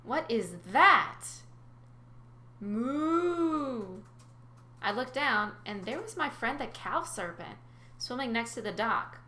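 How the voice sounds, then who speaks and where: Woman narrating a story, bright voice, chatty asides, roomy recording. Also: fairly high pitch, moderate pace. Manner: lively, chatty asides to listeners. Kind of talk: first-person story reading with casual asides.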